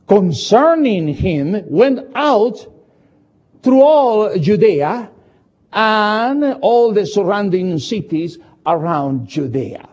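A man preaching in a high, lively voice that climbs and drops through a dramatic retelling. His tone is dark and husky, he speaks English as a with as his first, and he moves slowly, switching between loud and hushed passages. The sound is dull and lo-fi. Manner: slow, dramatic storytelling with sudden shifts between loud and hushed. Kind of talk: sermon. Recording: dull lo-fi recording.

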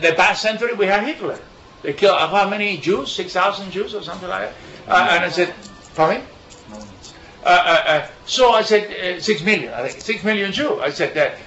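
A man giving an informal Bible talk full of anecdotes, halting with frequent fillers and restarts. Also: sits high, bright, forceful tone, slight background noise. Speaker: bible study speaker. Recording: echoey room, dull lo-fi sound.

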